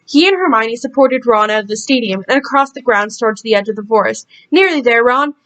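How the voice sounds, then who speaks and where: A woman's voice: a little high, quick pace, a bit bright, rough recording. A woman reading a novel aloud for a book club, casual and correcting her slips.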